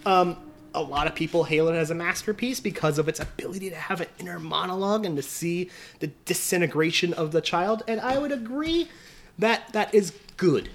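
A man's voice: high-pitched, a little fast. Profane ranting man reviewing a film. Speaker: podcast co-host. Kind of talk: casual film review chat.

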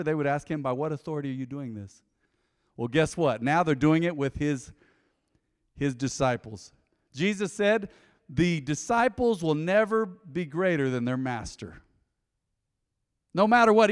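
A pastor preaching a sermon, swinging between loud emphasis and hushed asides. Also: male voice, fairly high pitch, long reverb tail. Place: church hall.

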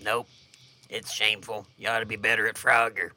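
A man co-hosting a comedy podcast, telling a campfire tale with a folksy, deadpan drawl. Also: lowish voice, a little fast. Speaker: podcast co-host and storyteller.

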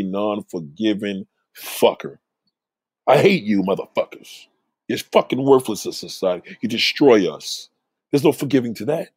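Husky, profane man ranting at chat. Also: medium pitch, a little mellow, no echo. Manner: preachy, profane, confrontational. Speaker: livestream host reading chat.

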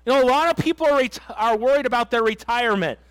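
Middle-aged male pastor, very high voice, dry close sound, earnest emphatic sermon delivery. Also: very fast, a bit bright, smooth, dry recording. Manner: earnest, emphatic preaching with stories and repeated refrains. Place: church sanctuary.

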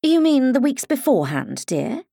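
A woman reading the part of a brisk, severe grown woman in an audiobook, her tone crisp and a little absent-minded. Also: sits high, big pitch swings, mellow, no room sound, studio quality, pitched above the performer's own voice, full character voice. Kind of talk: audiobook character voice.

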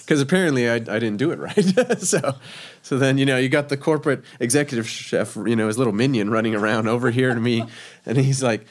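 A man casually telling a story about working as a cook, animated and laughing often. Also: mid-range voice, fairly quick. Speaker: guest telling a kitchen story.

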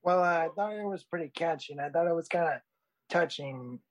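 A woman's voice: lowish voice, a little fast. A woman guesting on a casual podcast, answering briefly and in a friendly way.

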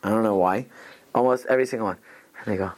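A man with a fairly low voice talks fast while teaching an informal Torah class, telling rambling stories peppered with Hebrew and Yiddish terms. He frequently restarts sentences and drifts into asides. A little hiss or hum sits under the recording.

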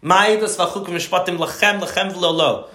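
A man's voice: sits high, moderate pace, sharp tone. Man lecturing a group in an echoey room. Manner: rambling, restarts sentences, emphatic. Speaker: teacher leading a study group.

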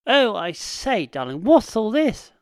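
A woman reading a storybook and voicing a gentle, eccentric male goat professor who speaks kindly to his wife. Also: low-pitched, clean tone, dry recording. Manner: gentle, unhurried.

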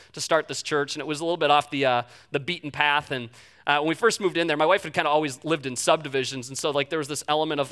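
A young adult man preaching a sermon as pastor, telling stories animatedly and acting out the voices in them. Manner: animated storytelling, acts out quotes with big pitch jumps.

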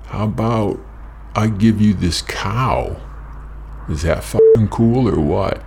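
A man's voice: on the low side, creaky, a little mellow, a little hiss or hum. A man voicing a dopey young stoner who drawls and whines. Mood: whining. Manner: slow drawl, whiny.

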